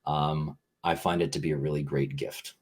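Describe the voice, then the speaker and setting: Deep, husky-voiced man, reflective. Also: level tone, normal speed. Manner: earnest, rambling, heavy use of "like". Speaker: podcast guest, coach. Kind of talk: reflective conversational talk.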